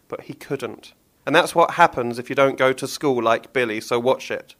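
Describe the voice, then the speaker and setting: A man's voice: mid-range voice, moderate pace, fairly bright tone. A man, a children's author, chatting casually and reading aloud from his own book in a playful, jokey way. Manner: playful, laughs at own jokes, retakes lines.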